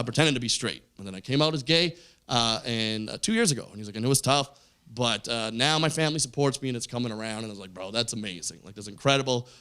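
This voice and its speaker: A young man doing stand-up storytelling on a comedy club stage, acting out the people in his story and yelling some punchlines. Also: mid-range voice, smooth. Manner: animated, voices quoted friends, yells punchlines. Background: audience laughter.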